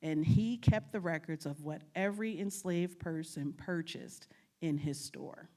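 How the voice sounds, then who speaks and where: A woman from New York giving a storytelling presentation as a guest speaker, animated and often laughing as she acts out her family's words. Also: sits low, measured pace. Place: lecture at a state archives building.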